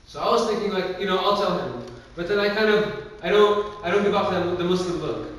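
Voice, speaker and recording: A young man with a fairly high voice gives a relaxed religious talk, telling stories and acting out what people said. His voice comes from far off in a large hall with a long, heavy echo. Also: a little fast. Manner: casual, filler-heavy, acts out quoted voices. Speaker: youth speaker. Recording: echoey hall recorded from far off.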